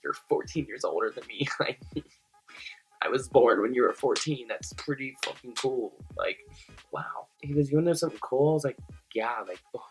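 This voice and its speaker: A man's voice: medium pitch, normal speed, creaky, faint music behind, poor audio. Chatty young man telling a story. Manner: animated storytelling, heavy "like" filler. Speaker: vlogger. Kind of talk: casual storytime.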